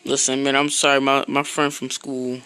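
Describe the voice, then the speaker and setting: A man's voice: medium pitch, completely flat delivery, moderate pace, pushed and bright, clear, resonant tone, poor audio. A man streaming a block-building game, chatting casually in a rambling, slangy way that often trails off into a mutter. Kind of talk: casual live-stream chat. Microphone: own streaming mic.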